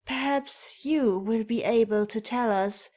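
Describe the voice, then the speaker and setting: In a dull, lo-fi recording, a sly and insolent gentleman cardsharp, read by a woman needles his victim at a very slow, unhurried pace. The mockery is cool and teasing. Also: on the high side. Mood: mocking. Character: suave mocking male cardsharp, coolly insolent.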